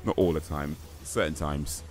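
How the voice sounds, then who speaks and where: Deep-voiced man chatting on a stream. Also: steady tone, normal speed, a little mellow, faint music behind. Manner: rambling, chatty, reacting to viewers. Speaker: livestreamer. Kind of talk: casual gaming stream chat.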